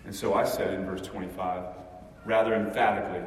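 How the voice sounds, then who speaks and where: A man preaching a dramatic first-person sermon monologue, impassioned, swinging between hushed and loud. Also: low-pitched, steady tone, brisk, a little hiss or hum. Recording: echoey hall, mic far off.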